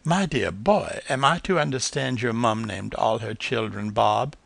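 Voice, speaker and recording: A man voicing a pompous, gentlemanly male bird who speaks in an old-fashioned way. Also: mid-range voice, measured pace, vocal fry, no echo, exaggerated voice.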